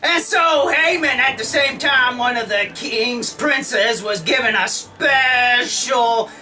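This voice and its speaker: A man's voice: extremely high pitch, slow, sharp tone, far from the mic, soft background music, poor audio. A man casually retelling an old story in a slangy, comic way, often acting out the characters' lines. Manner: slangy, full of "like", acts out lines.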